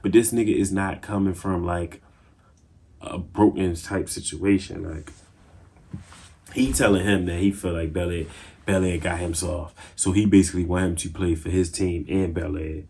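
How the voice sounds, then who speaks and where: Low, husky-voiced man recapping a show. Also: moderate pace. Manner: slangy, excitable storytelling with lots of fillers. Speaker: TV show reviewer. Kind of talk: casual episode recap.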